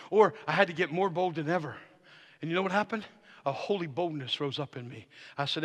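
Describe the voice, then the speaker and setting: A man preaching a charismatic sermon as guest speaker, swinging from hushed talk to shouted declarations and telling stories with quoted dialogue. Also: fairly high pitch, quick pace. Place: church sanctuary. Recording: long hall reverb of a church.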